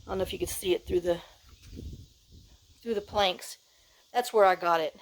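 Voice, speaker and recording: Speaking at normal speed in a lowish voice, a middle-aged vlogger chats outdoors on her rural property. She is exhausted from work in the heat, sighing often and rambling with lots of filler words.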